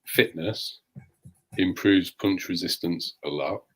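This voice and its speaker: A man co-hosting a live talk show, giving measured, opinionated views. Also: low voice, fairly bright tone, husky. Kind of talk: casual talk show discussion.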